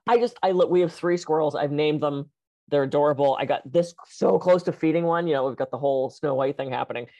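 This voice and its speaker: A woman co-hosting a podcast, telling stories in an animated, laughing way. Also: low-pitched, fast talker, no echo. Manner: animated, laughing, bouncy storyteller. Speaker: podcast co-host. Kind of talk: casual chat.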